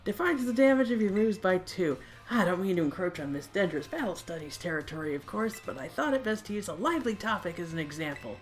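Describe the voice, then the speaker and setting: A woman voicing a cheerful female math teacher who speaks gently and encouragingly to her class. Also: on the low side, lively intonation, fast, few pauses, soft background music, close to an everyday voice.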